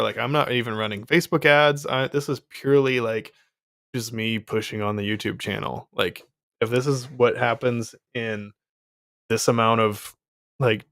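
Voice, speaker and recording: A man's voice: mid-range voice, no room sound, clean studio sound. A young man in casual livestream chat, rambling with many fillers and frequent laughs. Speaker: streamer selling his course.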